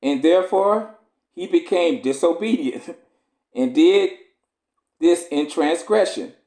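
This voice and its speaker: A man reading the slow, measured lines of a stern divine power in archaic scripture language. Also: on the high side, animated, mellow. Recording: roomy echo.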